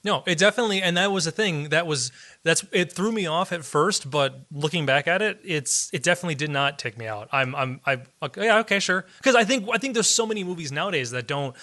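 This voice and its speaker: A man with a fairly high, bright, forceful voice co-hosts a film podcast. He talks in a loose, rambling, easygoing way. His voice is close to the mic. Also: lively intonation, quick pace. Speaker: podcast co-host. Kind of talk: casual film discussion.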